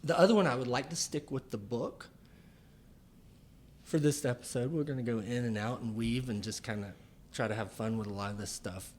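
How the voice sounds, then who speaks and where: Man explaining slowly, with pauses. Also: medium pitch, a little hiss or hum. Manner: slow, deliberate explaining with pauses and fillers. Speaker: chiropractor and author. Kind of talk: casual podcast conversation.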